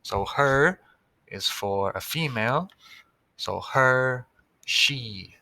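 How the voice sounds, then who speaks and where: A man teaching a recorded lesson for young children, patient and slow, sounding out words and sentences. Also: medium pitch, expressive, bright, forceful tone, no echo.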